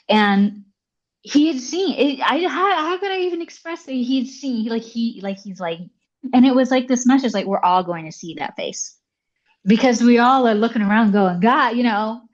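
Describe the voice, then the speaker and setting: A woman guest telling a personal story in conversation, animated and full of fillers like "like" and "you know". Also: fairly high pitch, dull audio. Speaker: podcast guest.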